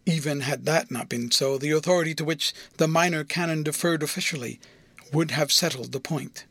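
A man's voice: fairly high pitch, vocal fry, fairly bright tone, dry recording. Man narrating a classic novel. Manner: measured, formal reading. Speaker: audiobook narrator. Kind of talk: audiobook narration.

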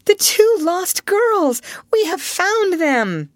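A woman voicing an excitable young woman in an audiobook, who speaks eagerly in high, breathless cries. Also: moderate pace, no room sound. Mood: excited.

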